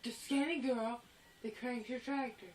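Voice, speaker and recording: A woman's voice: on the high side, fairly even intonation, a little slow, faint music behind. A tired young woman rambling drowsily in a casual home phone video, breaking into giddy laughing fits.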